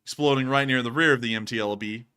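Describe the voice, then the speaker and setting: A man's voice: mid-range voice, fast, pushed and bright, clear, resonant tone. A man giving casual, joking commentary on video clips as a show host, breaking into laughs and mock voices. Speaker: war news commentator.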